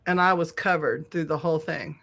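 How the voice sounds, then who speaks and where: A middle-aged woman telling a long, animated story on a podcast, swearing freely and laughing often. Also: deep voice, fairly quick, vocal fry. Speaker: podcast co-host. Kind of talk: casual storytelling chat.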